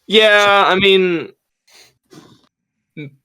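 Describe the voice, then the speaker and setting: A man's voice: high-pitched, very slow, sharp tone, clean tone. A man in his twenties hosting a podcast over a remote call, giggling and hesitating in casual chat. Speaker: podcast host.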